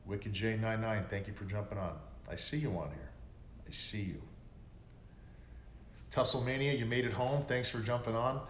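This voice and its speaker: A man's voice: lowish voice, moderate pace, long pauses, a bit bright. A man hosting a livestream, chatting casually with viewers in a rambling, profane way that gets worked up. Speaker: livestream host. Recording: echoey room with faint noise.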